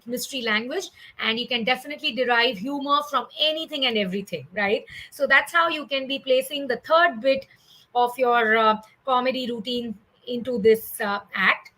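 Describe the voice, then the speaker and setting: A woman's voice: high-pitched, normal speed, pushed and bright, low-quality recording. A woman with an Indian English accent teaching comedy in a live online class, explaining step by step and often checking in with "right?". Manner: explanatory, frequent "right?" tag questions and "uh" fillers.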